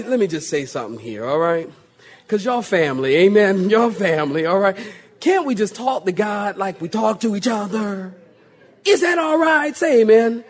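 A male pastor preaching a sermon, joking and slipping into mock voices to make his point. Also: high-pitched. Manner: humorous, animated, mimics voices for laughs.

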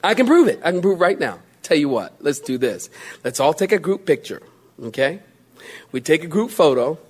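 A man's voice: fairly high pitch, very animated, breathy edge. A male pastor preaching a sermon, drawing out key phrases and mocking self-pity with playful put-on voices. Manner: drawn-out emphatic phrases.

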